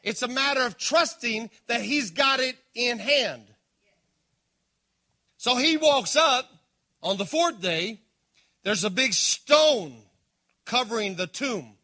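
A man delivers a sermon, his voice sitting high and ringing bright. He drives points home with bursts of force, then pulls back to quiet, earnest appeals. He calls out to the congregation as he goes. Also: expressive, slow pace, pauses often. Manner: impassioned preaching, swinging between loud emphasis and hushed appeals. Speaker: pastor.

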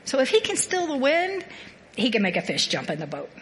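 A woman's voice: sits high, huge pitch swings, fairly quick, a little hiss or hum. A woman sharing a personal faith reflection in casual talk, rambling and self-deprecating, telling a story with animation. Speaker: small group participant sharing a reflection.

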